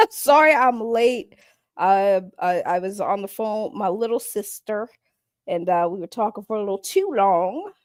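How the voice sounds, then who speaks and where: A woman's voice: mid-range voice, animated, measured pace, no room sound, clean studio sound. A woman hosting a livestream in casual, rambling chat. She is blunt and joking and swears freely as she greets her viewers. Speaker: livestream host.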